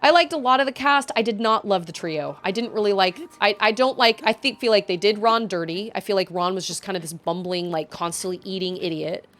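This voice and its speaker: A woman's voice: medium pitch, a little fast, few pauses, fairly bright tone. A woman in her thirties streaming a game, chatting casually, reading chat and laughing often. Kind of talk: casual chat while gaming.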